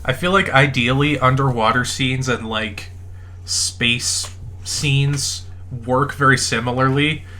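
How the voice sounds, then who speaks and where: A man's voice: mid-range voice, takes it slowly, sharp tone. A man co-hosting a casual film podcast, talking hesitantly with many fillers. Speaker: podcast co-host.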